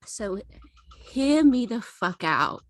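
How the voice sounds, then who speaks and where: A woman's voice: a little high, sing-song, slow pace, no echo, full character voice, low-quality recording. A woman voicing a stoned young female adventurer who rambles and keeps repeating herself. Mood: rambling, stoned. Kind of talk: in-character roleplay.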